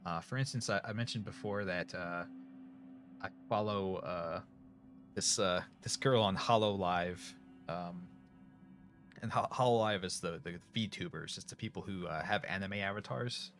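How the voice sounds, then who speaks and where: A man's voice: deep voice, unhurried, fairly bright tone. A middle-aged man with a Northern US accent chatting casually to viewers, rambling with many fillers and restarts. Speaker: streamer. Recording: faint music behind.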